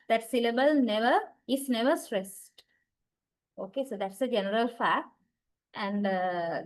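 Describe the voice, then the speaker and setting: A woman's voice: fairly high pitch, poor audio. A woman lecturing on English word stress, speaking English as a second language, with frequent "uh"s and regular checks like "right?" and "okay". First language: not English. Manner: frequent "uh" fillers and restarts. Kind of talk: recorded university lecture.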